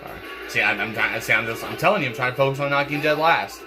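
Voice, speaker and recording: A man's voice: mid-range voice, very fast. A young man, stuffy and congested, rambling through casual gameplay commentary with lots of fillers and repeated words. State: congested, clearing throat. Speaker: gaming channel host. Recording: game music playing behind.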